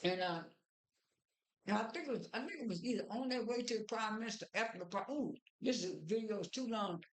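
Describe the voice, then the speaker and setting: A woman's voice: medium pitch, a little fast. A woman casually recapping a TV episode in a rambling way, with lots of restarts and fillers. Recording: echoey room.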